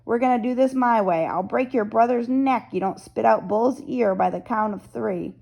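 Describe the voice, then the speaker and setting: A woman's voice: a little high, moderate pace, vocal fry, a little mellow, highs cut off. A woman voicing a vicious teenage boy bully who barks bossy threats. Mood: threatening.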